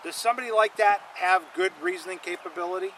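A man's voice: high-pitched, fast, bright, forceful tone, a little hiss or hum, poor audio. A man preaching a sermon, emphatic, repeating lines for stress and calling on the congregation to say them with him. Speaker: pastor.

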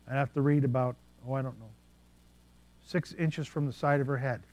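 A man preaching a sermon, telling personal stories with an animated delivery that swings between soft asides and loud bursts. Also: medium pitch, normal speed. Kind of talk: sermon storytelling.

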